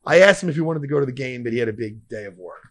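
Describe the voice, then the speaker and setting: A man's voice: medium pitch, lively intonation, very fast. A man hosting a comedy podcast who tells a rambling story with lots of profanity.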